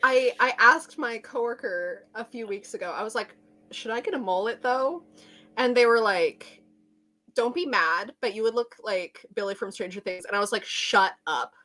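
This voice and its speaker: A woman's voice: fairly high pitch, moderate pace, bright, forceful tone, rough recording. A woman co-hosting a livestream, telling gossipy stories in casual chat with mock-indignant asides. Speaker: livestream co-host.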